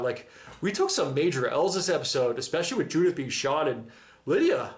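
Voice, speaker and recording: A man giving a casual, enthusiastic and emotional reaction monologue about a TV episode, using slang and nearly choking up. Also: on the high side. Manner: enthusiastic, emotional, slangy, breaks down near tears. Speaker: reaction channel host.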